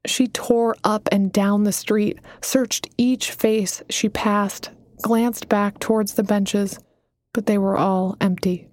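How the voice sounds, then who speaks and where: Slow, gentle woman narrating a story. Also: mid-range voice, steady tone. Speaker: audiobook narrator. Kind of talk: scripted narration.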